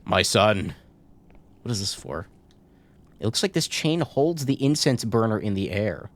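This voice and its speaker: A man streaming a horror game, reading the on-screen notes aloud and tossing in joking asides in a casual, relaxed way. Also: on the low side, measured pace.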